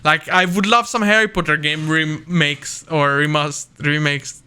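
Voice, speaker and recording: Young man, podcast co-host, bright crisp voice, eager, rambling, casual gaming chat. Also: fairly high pitch, steady tone, measured pace. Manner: enthusiastic, rambling with many fillers.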